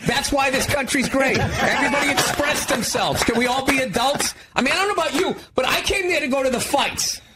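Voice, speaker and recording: A man's voice: very high-pitched, brisk, hardly any pauses, heavy background noise. A man with an American accent, a guest on a radio show, talking in a sarcastic, mocking, worked-up way. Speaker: comedian guest.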